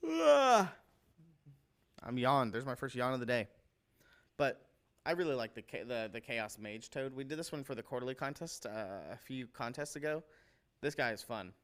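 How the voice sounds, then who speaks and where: A man's voice: mid-range voice, a little fast, a bit bright. Rambling casual man hosting a stream. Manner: rambling, enthusiastic, stumbles over names. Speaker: livestream host showing painted miniatures. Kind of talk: casual livestream chat.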